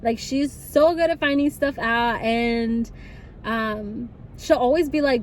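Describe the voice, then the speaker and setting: Young woman, high bright voice, chatty storytime delivery, faint road noise behind. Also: takes it slowly. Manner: chatty, animated, laughs often. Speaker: vlogger. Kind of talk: casual storytime.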